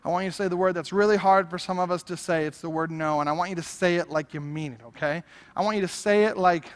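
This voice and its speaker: A man preaching a sermon as pastor, conversational and animated, acting out little asides to the congregation. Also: sits high, quick pace, clear, resonant tone. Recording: long hall reverb.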